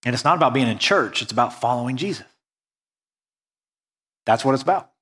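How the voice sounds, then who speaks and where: A man from the United States preaching a sermon, earnest and conversational, slowing down to stress key points. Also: mid-range voice, expressive, a bit bright. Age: adult, went on a mission trip after high school. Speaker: pastor.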